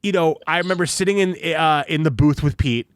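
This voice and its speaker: A man's voice: a little high, a little fast, smooth, no room sound. A young man hosting a podcast in casual chat, rambling and swearing, recorded on a studio microphone. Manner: swearing, rambling, laughs often. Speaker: podcast host.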